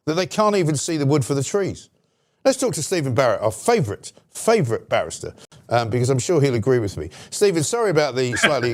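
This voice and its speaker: A man's voice: mid-range voice, a little mellow. A British man hosting a political talk show, ranting sarcastically about the media. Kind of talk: opinionated political commentary.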